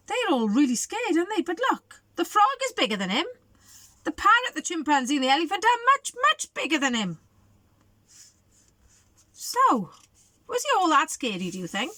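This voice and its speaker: A woman's voice: high-pitched, huge pitch swings, normal speed, long pauses, pushed and bright, dry recording. A woman reading a picture book aloud to children, asking them coaxing questions. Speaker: storybook reader for children.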